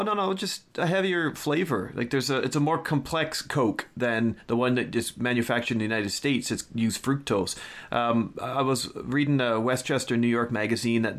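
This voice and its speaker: A man hosting a podcast, chatting in a quick, playful, argumentative way. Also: mid-range voice. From lives in Scotland. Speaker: podcast host. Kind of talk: casual chat.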